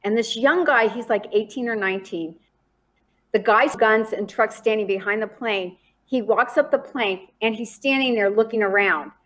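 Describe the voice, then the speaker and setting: Animated woman telling a story. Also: on the high side, normal speed. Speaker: guest. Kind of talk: storytelling in a podcast interview.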